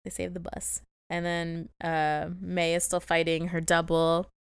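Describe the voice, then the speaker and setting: Giggly woman podcast co-host, lowish voice, smooth and clear, dry close sound. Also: completely flat delivery, a little slow, no room sound. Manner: giggly, laughs often. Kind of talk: casual chat recapping a TV episode.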